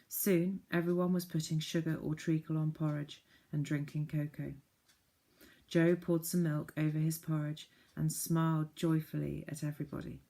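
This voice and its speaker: A woman narrating a children's storybook with gentle, clear reading. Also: sits low. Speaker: audiobook narrator.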